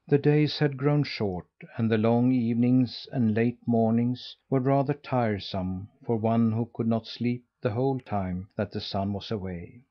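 A man's voice: medium pitch, muffled recording. Man narrating a classic storybook. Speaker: audiobook narrator.

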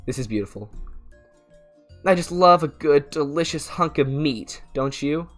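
A man gives casual, off-the-cuff commentary while playing a game. His speech rambles, with frequent fillers, repeated words and restarts, and his voice sits at a medium pitch. Soft music plays behind him. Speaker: gaming YouTuber. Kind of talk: casual let's-play commentary.

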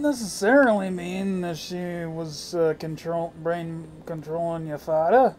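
A woman's voice: lowish voice, unhurried, a little mellow, slight background noise. A woman streamer giving casual gameplay commentary, joking around and swearing freely.

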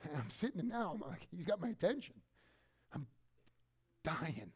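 A man's voice: on the high side, very animated, moderate pace, breathy edge. Man preaching with big dynamic swings. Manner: emotional storytelling, swings from loud emphasis to hushed. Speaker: pastor. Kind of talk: sermon.

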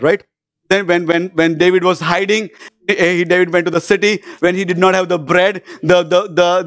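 A man preaches a fervent sermon, his voice sitting a little higher than most men's. He keeps breaking in with hallelujah and praise God, and keeps turning to his listeners with a questioning "isn't it?". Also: fairly bright tone, no echo, clean studio sound. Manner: asks isn't it of the congregation. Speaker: pastor.

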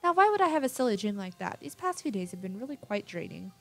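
A woman's voice: mid-range voice, big pitch swings, fast, creaky, soft background music. A woman reading game dialogue aloud, voicing an elegant, weary noble lady in a refined, formal manner. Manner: refined, formal, a little theatrical.

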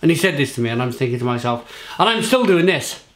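A man's voice: mid-range voice, big pitch swings, quick pace, a bit bright, slight background noise. A man with a British accent, a beer reviewer and pub manager, swearing and rambling through an angry rant to camera. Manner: sweary, rambling, repeats himself.

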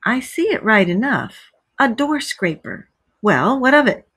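A small, fussy male mole from a storybook, complaining in a plaintive, high voice, as a woman reads him aloud. The voice is a little husky. The sound is dry and close. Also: big pitch swings, a little slow, fairly bright tone, no room sound, exaggerated voice. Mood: puzzled.

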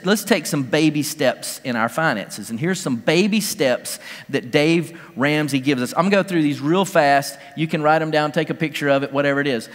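A male pastor preaching a casual, conversational sermon, his voice jumping upward in emphatic bursts. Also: fairly high pitch. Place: church sanctuary. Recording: church hall reverb.

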